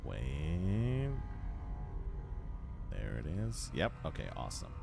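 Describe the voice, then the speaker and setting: A man's voice: a bass voice, wildly swooping pitch, slow, creaky, music in the background. A man running a tabletop game on a livestream, chatting casually with his viewers and narrating scenes. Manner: casual, chatty with stream chat. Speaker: game master.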